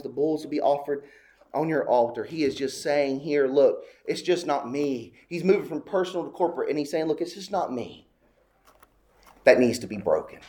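Man preaching with impassioned rises. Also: mellow. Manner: impassioned preaching, voice climbing high on pleas; repetitive emphatic cadence. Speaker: pastor. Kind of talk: sermon.

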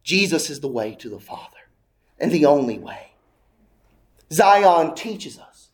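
A man preaching a sermon, emphatic and repetitive, rising and falling in loudness as he drives each point home. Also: very animated, unhurried. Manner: emphatic, repeating phrases, swinging widely in pitch and loudness.

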